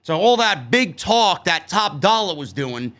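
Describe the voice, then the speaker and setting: A man's voice: sits high, sing-song, measured pace, fairly bright tone. A man from New York casually recapping a wrestling show, blunt, sarcastic and given to swearing.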